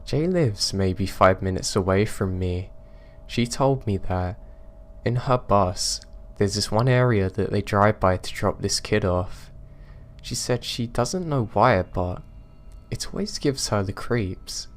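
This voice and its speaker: A man narrating reader-submitted horror stories in a calm, even storytelling delivery. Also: fairly low pitch, slow pace.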